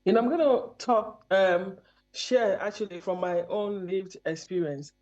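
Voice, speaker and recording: A woman's voice: mid-range voice, unhurried, darkish tone. A woman from Nigeria with a Nigerian accent, a guest in a remote interview, speaking earnestly and measuredly with frequent ums. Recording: dull lo-fi audio.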